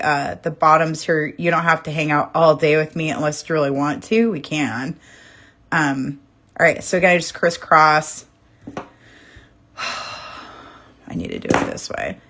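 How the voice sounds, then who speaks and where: A woman's voice: on the low side, fairly bright tone. A woman teaching a live wire-wrapping jewelry class, chatty and self-laughing, greeting viewers as she works. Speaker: jewelry-making instructor. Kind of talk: live craft demonstration.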